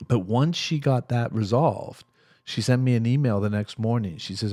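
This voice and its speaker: A man's voice: mid-range voice, normal speed, dark tone, no room sound, studio quality. A man being interviewed as a therapist, telling stories animatedly and acting out the voices of the people in them. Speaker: guest, therapist. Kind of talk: storytelling interview talk.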